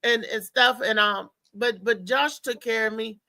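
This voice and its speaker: A woman comedian telling comic stories in casual chat, animated and laughing, acting out the people in her stories. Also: fairly high pitch, a little slow, no room sound. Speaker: stand-up comedian guest.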